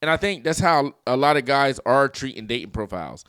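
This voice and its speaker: A man's voice: mid-range voice, lively intonation, fairly quick, fairly bright tone, clear, resonant tone, no echo, clean studio sound. A man hosting a casual reaction video, telling stories with lots of swearing and laughing at the clips.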